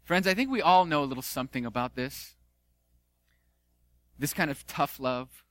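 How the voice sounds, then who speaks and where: Expressive man preaching, bright dry voice. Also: on the high side, no echo. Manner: expressive preaching with dramatic swings in volume and pace. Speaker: pastor. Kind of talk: sermon.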